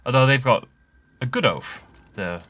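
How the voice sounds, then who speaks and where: A man talking through a video game session in a loose, rambling way. His pitch jumps around a lot and his tone is bright, and he laughs often between remarks. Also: animated, measured pace. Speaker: let's play host. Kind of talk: casual gameplay commentary.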